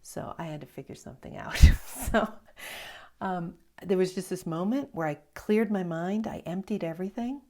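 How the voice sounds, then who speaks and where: A middle-aged woman meditation teacher giving an evening talk, telling stories slowly and reflectively, with soft hushed asides. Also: on the low side, lively intonation.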